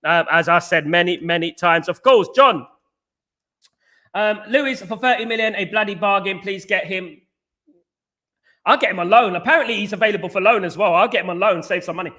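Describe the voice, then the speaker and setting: A middle-aged man from England hosts a casual live stream, reading the chat and giving emphatic, repetitive shout-outs. His voice is high-pitched and his pace brisk.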